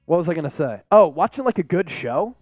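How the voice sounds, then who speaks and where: A man's voice: a little high, sing-song, brisk, darkish tone, dry recording, soft background music. A man hosting a live sports stream, chatting casually in a laid-back, rambling way with frequent chuckles. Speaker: sports show host.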